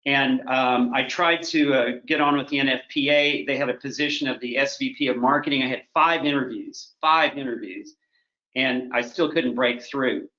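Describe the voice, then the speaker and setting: A man in his sixties from Oklahoma, a guest telling long stories in a halting way, full of restarts. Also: medium pitch, pushed and bright. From Oklahoma, USA. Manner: halting, with frequent restarts and fillers. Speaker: guest, retired corporate director. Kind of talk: rambling conversational storytelling. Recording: roomy, slightly dull remote recording.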